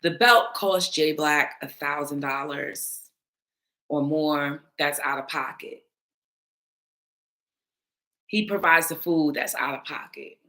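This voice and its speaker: Blunt woman panelist with a low, punchy voice; casual commentary, curses freely. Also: slow pace, long pauses, bright, forceful tone. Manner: blunt, emphatic, swears freely. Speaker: battle rap panelist responding to viewer comments.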